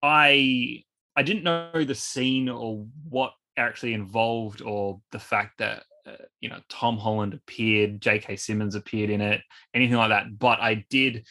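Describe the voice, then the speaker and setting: Casting note: male podcast co-host, bright, forceful tone, rambling and animated. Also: lowish voice. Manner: rambling, animated, repeats words. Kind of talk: casual film review chat.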